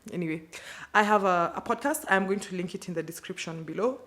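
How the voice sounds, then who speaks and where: A book channel host with a Kenyan accent talks fast in a lowish, animated, fairly bright voice. In a casual wrap-up of the books she read this month, she chats away with playful, slangy asides.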